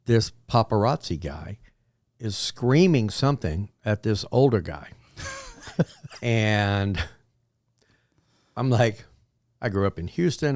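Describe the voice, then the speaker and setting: A man from Texas, a podcast guest, telling a story in a rambling, halting way with many fillers. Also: on the low side, darkish tone, no echo, clean studio sound. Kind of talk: casual storytelling.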